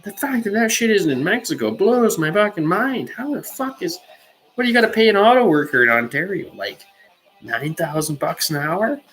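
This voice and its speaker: A woman's voice: lowish voice, lively intonation, normal speed, fairly bright tone, soft background music, rough recording. A woman hosting a podcast, ranting heatedly with lots of swearing and filler words. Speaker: podcast host. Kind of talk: profane rant on a podcast.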